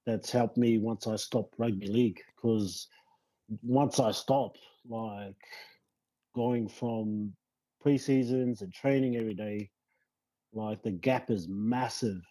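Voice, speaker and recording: A man, a rugby league player telling his story as a guest in a casual interview, relaxed and rambling with lots of fillers. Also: lowish voice, slow, no echo, poor audio. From New Zealand.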